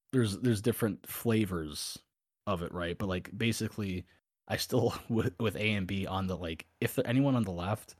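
A man's voice: lowish voice, no room sound. A man co-hosting a podcast in casual, profane chat, blunt and rambling, swearing constantly. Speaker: podcast co-host.

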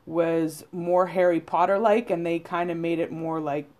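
A woman's voice: fairly low pitch, fairly even intonation, moderate pace, darkish tone, a little hiss or hum. Rambling, blunt woman. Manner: rambling, blunt and profane, heavy on "like" and "you know". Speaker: podcast co-host. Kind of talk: casual chat.

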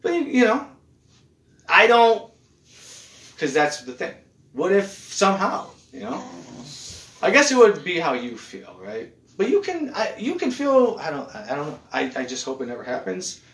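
A man chatting casually as a podcast host, animated and profane, often restarting his sentences. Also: sits high, moderate pace, slight background noise. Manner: animated, swearing, restarts a lot. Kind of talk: casual chat. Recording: echoey room.

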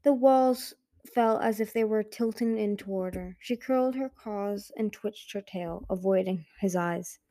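A woman's voice: medium pitch, a little slow, mellow, no room sound. A woman narrating a fantasy novel in a casual amateur reading, with small slips and restarts. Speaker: audiobook reader.

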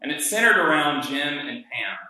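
Bright-voiced young man preaching casually. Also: on the high side, animated, normal speed. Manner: casual, conversational storytelling with many fillers. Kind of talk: sermon. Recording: very echoey room.

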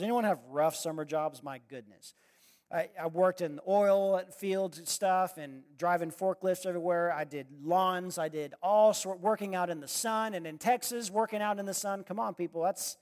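High-voiced animated male preacher. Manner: animated, swings from loud exclamations to quiet asides; addresses the audience directly with questions. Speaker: speaker. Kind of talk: storytelling sermon.

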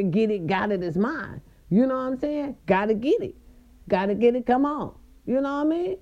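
A woman hosting a podcast, telling a story in a casual, sassy way and swooping her voice up high for emphasis. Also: dull audio. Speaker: podcast host.

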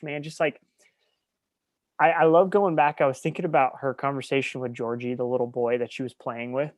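A man's voice: a little high, no echo. A man co-hosting a casual podcast chat, talking eagerly and gushing about what he loves. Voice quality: enthusiastic, gushing. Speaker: podcast co-host.

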